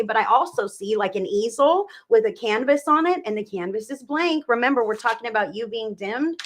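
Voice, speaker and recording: A woman's voice: a little high, fairly bright tone. A woman doing a live-streamed psychic reading. She talks in a chatty, affectionate way, full of endearments, and checks in with "okay?" after each point. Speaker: psychic reader.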